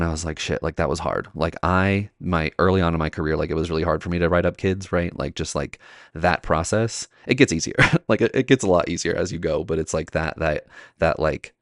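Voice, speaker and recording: Young man, podcast host, casual storytelling, very low voice, dry close mic, filler-heavy chatty manner. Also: no room sound. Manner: chatty, many "like" fillers, acts out quoted voices.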